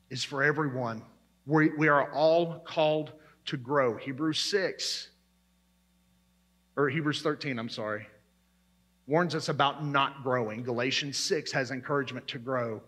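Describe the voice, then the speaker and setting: A man's voice: medium pitch, a little slow, long pauses, a bit bright, breathy edge. A man preaching a sermon as pastor, emphatic and repeating his key words.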